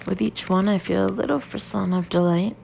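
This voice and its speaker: A woman reading a first-person audiobook in a lively, expressive way. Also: medium pitch, brisk, vocal fry. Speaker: audiobook narrator. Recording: dull lo-fi audio, faint hiss.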